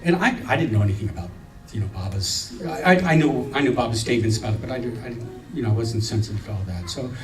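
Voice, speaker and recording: A man sharing memories with a group of friends, halting and full of ums and restarts, with a wry touch. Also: fairly low pitch, lively intonation. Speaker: storyteller at a gathering of friends. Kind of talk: casual anecdote telling. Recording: echoey room, recorded from a distance.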